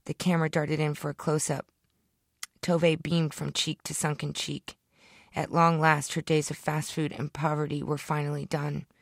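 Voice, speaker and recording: A woman reading her own satirical short story aloud in a deadpan manner, lifting into the characters' lines. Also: deep voice, moderate pace, gravelly, dry recording, clean studio sound.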